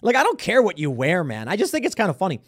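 A man's voice: sits high, huge pitch swings, quick pace, husky. A man hosting a political talk show, giving sarcastic, rambling opinion commentary. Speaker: political podcast host.

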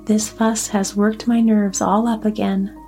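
A woman's voice: mid-range voice, level tone, measured pace, mellow, faint music behind, close to an everyday voice. A woman voicing a talkative, anxious old grandmother in a storybook reading. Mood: eager. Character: chatty fussy old grandmother.

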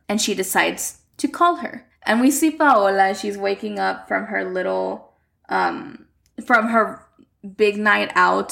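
A chatty young woman walks through a telenovela plot in a relaxed recap, leaning on "like" as she goes. Her mid-pitched voice carries a constant gravelly fry. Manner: chatty, uses "like" a lot. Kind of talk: casual story recap.

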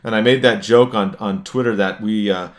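A man's voice: fairly low pitch, fairly even intonation, moderate pace. A man co-hosting a casual hockey podcast, ranting bluntly and laughing often. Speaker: podcast co-host. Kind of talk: casual sports chat.

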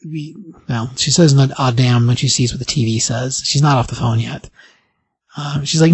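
Husky-voiced man recapping a comic. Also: mid-range voice, dry recording. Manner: animated storytelling, acting out dialogue in quick voices. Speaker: podcast host. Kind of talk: casual comic book recap.

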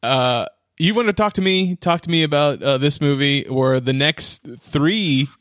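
A man's voice: a little high, unhurried, a bit bright, dry recording, studio quality. A man hosting a casual podcast, laughing often and reading the show's plugs. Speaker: podcast host.

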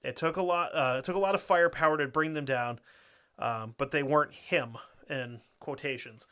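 Young male podcaster, bright slightly high voice, profane casual ranter, story reader. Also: smooth. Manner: profane, rants fast and laughs a lot. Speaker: podcast co-host.

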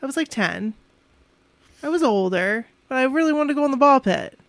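A woman's voice: high voice, animated, a little fast, no echo. A woman in her forties, co-hosting a casual chat and telling stories playfully. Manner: storytelling, playful. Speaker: podcast co-host. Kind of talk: casual chat among friends.

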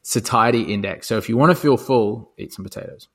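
A young man co-hosts a podcast, chatting casually and rambling, swearing freely, and filling his speech with fillers and restarts. His mid-range voice is husky and his pace is quick.

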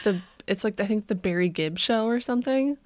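A young adult woman co-hosting a podcast in casual chat, playful and swearing, her voice a little rough from singing the night before. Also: medium pitch, fairly quick, no room sound. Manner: playful, swearing, breaks into sung impressions. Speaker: podcast co-host.

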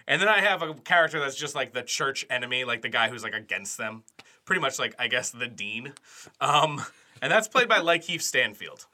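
A man's voice: mid-range voice, sing-song, normal speed, sharp tone. A man co-hosting a podcast in casual chat, rambling and joking with lots of fillers. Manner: rambling, filler-heavy, jokey. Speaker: podcast co-host.

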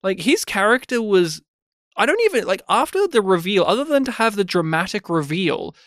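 A man co-hosting a film review podcast in casual chat, animated and digressive. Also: high voice, no echo, studio quality. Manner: animated, digressive, acts out scenes in quick put-on voices. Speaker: podcast co-host.

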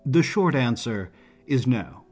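A man voicing a dry, self-assured young woman traveler, with a husky voice. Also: mid-range voice, big pitch swings, slow, faint music behind, full character voice. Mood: wry.

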